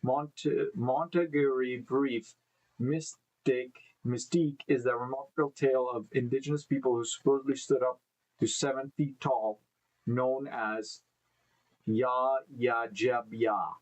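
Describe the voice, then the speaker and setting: A man's voice: medium pitch, steady tone, measured pace, rough recording. Man stumbling through a live-stream news read. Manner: stumbling over names, thinking aloud, joking asides. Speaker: host. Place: indoor room with live beehives.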